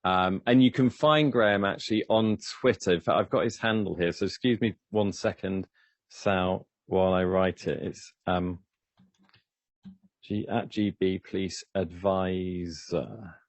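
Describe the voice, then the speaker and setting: A man's voice: low voice, steady tone, unhurried, no room sound. A man from the UK co-hosting a livestream and asking questions with lots of hesitations. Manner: hesitant, many fillers and restarts. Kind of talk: livestream interview.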